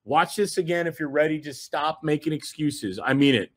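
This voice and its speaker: A man's voice: fairly high pitch, lively intonation, normal speed, fairly bright tone, husky. A man hosting a group video call, giving a rambling, enthusiastic motivational talk full of fillers and repeated phrases.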